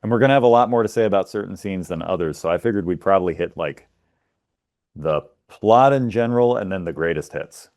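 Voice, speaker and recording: A podcast co-host talking casually about a film in a laid-back way, laughing often. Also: male voice, low voice, brisk, a little mellow. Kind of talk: casual movie discussion.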